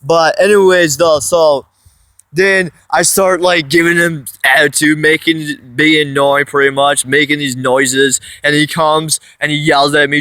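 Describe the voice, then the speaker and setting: A man vlogging into his phone, telling a story in a rambling way full of restarts. His voice is bright and clear, a touch above typical pitch. The sound is dry and close. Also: fairly even intonation, measured pace, dry recording. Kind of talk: casual storytelling vlog.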